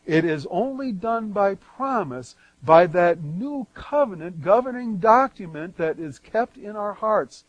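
A man's voice: high voice, dry recording, highs cut off. Emphatic man teaching Bible verses. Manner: reads scripture then explains it; emphatic swings in loudness. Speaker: preacher.

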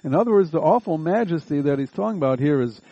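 A man's voice: a little high, animated, quick pace, dry recording, lo-fi sound. A man teaching a Bible study lesson, reading passages aloud and methodically rephrasing and rereading them to explain them.

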